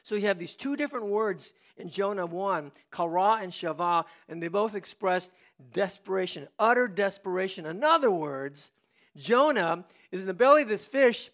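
Older man, pastor, sermon, dramatic, high, bright tone. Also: lively intonation, moderate pace. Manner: dramatic, swings from hushed confession to loud shouting. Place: church.

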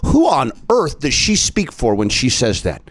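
A man's voice: medium pitch, huge pitch swings, normal speed, no echo. A man hosting an opinion podcast, talking straight to his listeners in an emphatic, indignant way. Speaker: podcast host. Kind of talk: opinion commentary.

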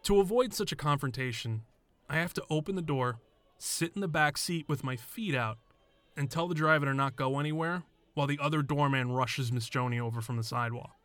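A man's voice: a little high, brisk, a bit bright, no echo. A man narrating his own story in a scripted, blunt and profane first-person telling.

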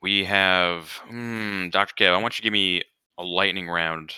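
A man's voice: sits low, fairly even intonation, normal speed, sharp tone, clear, resonant tone, dry recording. A man hosting a podcast, chatting casually with a laid-back, dry manner. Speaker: podcast host. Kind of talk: casual chat.

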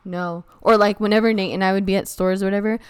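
A young woman co-hosting a podcast, chatting casually and rambling, saying "like" and "dude" constantly and laughing loudly. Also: mid-range voice, level tone, rapid-fire, smooth. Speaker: podcast co-host. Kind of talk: casual chat.

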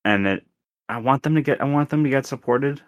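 A man co-hosting a podcast chats casually, earnest and hesitant, frequently restarting his sentences. His voice is mid-range and a little fast, with no room sound.

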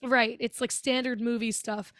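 High-voiced young woman, animated podcast host. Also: normal speed, dry recording, clean studio sound. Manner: animated retelling with many quoted voices and laughs. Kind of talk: casual chat recapping a film.

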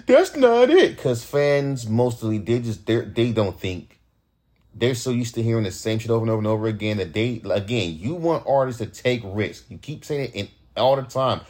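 A man's voice: medium pitch, a little mellow. Heated, profane male podcast ranter. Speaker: podcast host and rapper. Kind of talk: casual ranting monologue.

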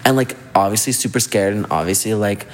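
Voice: sits low, fairly quick. A drunk person rambling through a story in casual chat, peppering every phrase with "like" and acting out the dialogue. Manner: rambling, heavy use of "like"; acts out quoted dialogue.

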